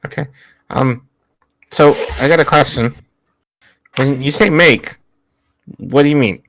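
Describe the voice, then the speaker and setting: A man's voice: medium pitch, unhurried, creaky, long pauses, fairly bright tone, dry recording. A man playing a tabletop game, voicing his character in a rambling, hesitant, goofy way. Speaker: player.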